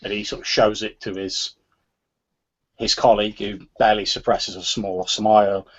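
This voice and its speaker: A man narrating as game master of a tabletop game, soft-spoken and relaxed, with frequent fillers. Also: lowish voice, normal speed. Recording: slightly muffled recording.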